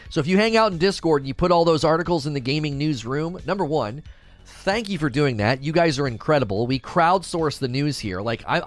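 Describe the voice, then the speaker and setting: A middle-aged man hosting a gaming news livestream, chatting casually and talking straight to his viewers. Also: fairly high pitch. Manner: animated, chatty, addresses viewers directly.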